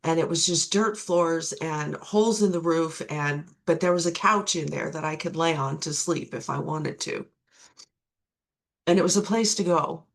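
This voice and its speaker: A woman's voice: deep voice, normal speed. A middle-aged woman sharing her recovery testimony, earnest and repeating key phrases for emphasis.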